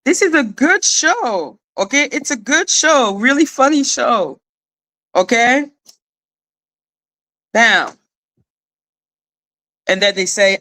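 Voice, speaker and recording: A woman hosting her own channel, ranting in a casual, sarcastic monologue, swearing and laughing, swinging between high mocking tones and low deadpan asides. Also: slow pace, pauses often. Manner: sarcastic, exasperated, swears freely, laughs often. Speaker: commentary channel host.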